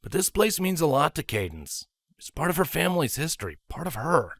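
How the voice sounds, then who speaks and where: Brief: earnest, tired royal stallion, measured delivery, lively pitch, as a male reader puts him on. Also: dry recording, exaggerated voice. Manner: measured, sighing explanations. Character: earnest young male prince, weary and serious.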